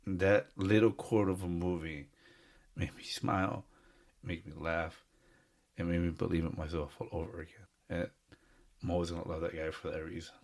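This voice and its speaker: Deep-voiced man in heartfelt chat. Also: level tone, moderate pace. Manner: earnest, heartfelt, rambling with fillers. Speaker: podcast co-host. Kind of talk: casual chat.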